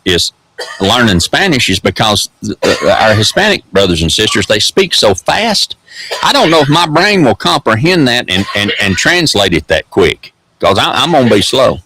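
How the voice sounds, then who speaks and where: A man's voice: lowish voice, big pitch swings, normal speed, sharp tone, rough recording. A man with an East Tennessee accent hosting a vlog, rambling through a casual story in a folksy drawl with lots of repeated words. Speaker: host.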